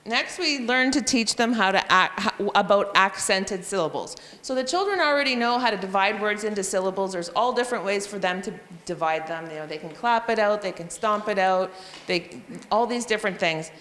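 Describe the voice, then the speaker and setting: Reading teacher in an echoey hall. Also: female voice, medium pitch, fairly quick, a bit bright. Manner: explanatory, sounds out letters and spellings. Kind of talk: professional development talk to teachers. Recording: long hall reverb.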